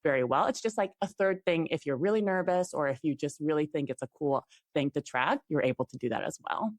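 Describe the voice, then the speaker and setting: A woman's voice: sits low, brisk, dry recording. A young woman speaking as a guest on a casual podcast, talking chattily with many "like" fillers and plenty of enthusiasm. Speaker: guest, fertility app CEO.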